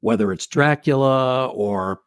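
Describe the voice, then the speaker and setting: A man co-hosting a podcast interview. He speaks in a measured, complimentary way at a mid pitch. The sound is dry and close. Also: clean tone, dry recording. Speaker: podcast co-host. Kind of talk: casual interview chat.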